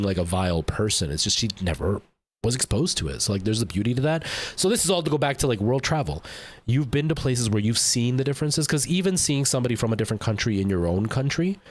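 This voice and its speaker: A young man from El Salvador with a Canadian English accent, Spanish as his first language, chatting loosely on a stream and filling his talk with "like.". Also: fairly low pitch. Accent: Canadian English with some American. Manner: rambling, lots of "like", mimics others' voices. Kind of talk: casual stream chat.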